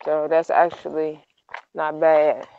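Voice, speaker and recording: A woman's voice: low voice, monotone, slow pace, vocal fry, phone-quality sound, a little hiss or hum. A woman in a casual group chat who rambles, corrects herself mid-sentence and sounds exasperated.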